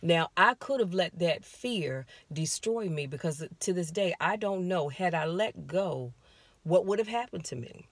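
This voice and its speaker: This American woman, a life coach, speaks from her car with a lowish voice and measured pace, animatedly sharing a personal story directly with listeners in a confiding tone. The sound has no echo.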